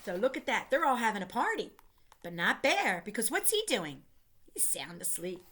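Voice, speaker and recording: A woman's voice: mid-range voice, sing-song, fairly bright tone. A woman reading a picture book aloud to children, playful and chatty between pages. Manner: playful, pausing to chat and laugh with young listeners.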